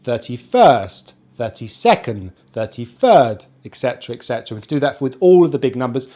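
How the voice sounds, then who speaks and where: A man with a British accent teaching English pronunciation, saying each word slowly and repeating it for the listener. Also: mid-range voice, warm tone. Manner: slow, careful, repeats words for drilling; counts on his hands as he talks. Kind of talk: pronunciation lesson.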